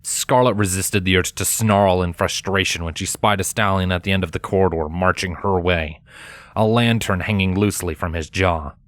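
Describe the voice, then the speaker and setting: A man narrating a fanfiction chapter as an audiobook, in a steady, measured storytelling manner. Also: deep voice, no echo. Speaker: audiobook reader.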